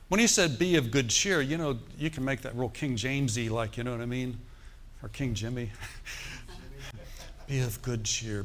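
A man preaching a sermon, animated and quoting scripture, calling out for amens. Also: mid-range voice.

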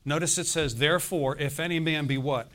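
This pastor, in his sixties, has a fairly high, slightly bright voice and a brisk pace. He preaches with emphasis and frequently asks his congregation to answer him.

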